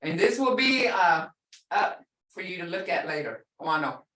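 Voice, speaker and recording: A woman's voice: on the low side, expressive, moderate pace, fairly bright tone. An older woman teaching a language class, explaining patiently and repeating words, often with a laugh. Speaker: language instructor. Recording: echoey room, far from the mic.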